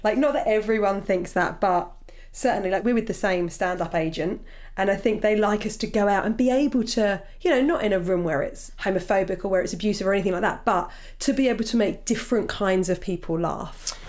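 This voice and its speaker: A woman's voice: mid-range voice, fairly quick, darkish tone. Woman, comedian, casual chat, rambling restarts.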